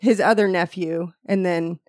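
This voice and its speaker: A woman co-hosting a casual podcast, hoarse and fry-voiced from a lingering cold, chatting and laughing often. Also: on the low side, fairly even intonation, unhurried, a little mellow, no echo, clean studio sound. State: hoarse from illness, vocal fry. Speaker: podcast co-host. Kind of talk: casual chat.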